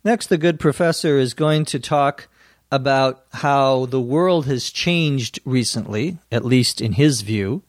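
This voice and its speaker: A male English teacher and host slowly explaining phrases to language learners, speaking clearly and giving acted example lines. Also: medium pitch, no room sound, clean studio sound.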